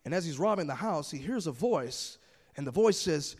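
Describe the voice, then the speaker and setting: A man preaching a sermon as pastor, building from calm explanation to emphatic shouting. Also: on the high side, moderate pace, big-room sound.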